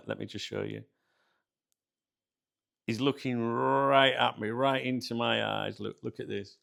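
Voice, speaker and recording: British man, gravelly voice, middle pitch, chatty storytelling, laughs a lot. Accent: British English. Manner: chatty, animated, laughs often, addresses viewers as guys. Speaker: channel host. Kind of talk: casual storytelling to viewers.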